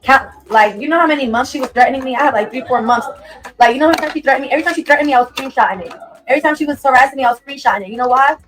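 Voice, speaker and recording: A woman's voice: high-pitched, rapid-fire, crowd noise, poor audio. A woman venting angrily in casual speech, repeating herself and swearing as she tells her side. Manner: heated, repetitive, swears freely. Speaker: singer defending herself in a played clip. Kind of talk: angry venting rant.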